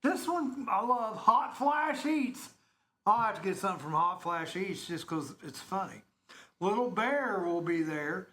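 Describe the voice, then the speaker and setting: A man hosting casual local radio, chatty and rambling and quick to laugh. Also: high voice, expressive, pushed and bright.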